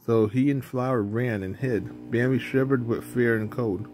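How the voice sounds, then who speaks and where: A man reading a children's storybook aloud in a plain, even narrating manner, with the odd stumble. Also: medium pitch, normal speed, soft background music.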